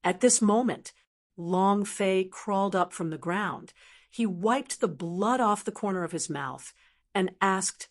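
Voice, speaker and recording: A woman's voice: medium pitch, takes it slowly. Woman narrating a fantasy audiobook. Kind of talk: scripted narration.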